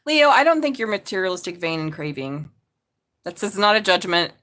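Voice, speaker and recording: A woman's voice: medium pitch, sing-song, fairly quick, a bit bright. A woman doing a live tarot reading, chatty and blunt, swearing and laughing as she talks. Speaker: tarot reader.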